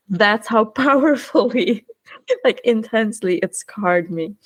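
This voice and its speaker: A woman from outside America, a podcast guest, talking in a chatty, emphatic way. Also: a little high. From not American. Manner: chatty, emphatic, quick to laugh. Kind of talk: casual podcast discussion.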